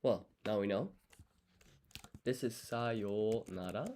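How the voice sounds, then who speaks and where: A man with a lowish voice works through a study session out loud, drawing out foreign words syllable by syllable and muttering as he corrects himself. His pace is unhurried and halting. Faint keyboard typing and mouse clicks sit in the background. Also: a little hiss or hum. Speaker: language learner streaming his study. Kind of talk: thinking-aloud study session.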